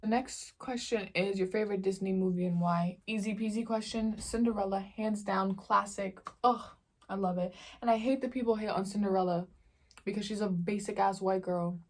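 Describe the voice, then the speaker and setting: A young woman talking casually to her camera while she eats. She tells stories in a relaxed, slangy way, full of fillers, at a mid pitch. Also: normal speed. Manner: chatty slangy storytelling while eating. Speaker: vlogger. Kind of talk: casual mukbang Q&A chat.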